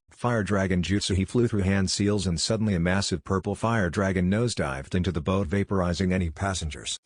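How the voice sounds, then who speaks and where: A man narrating a fan fiction story in an even, steady reading. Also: low-pitched, no room sound, studio quality.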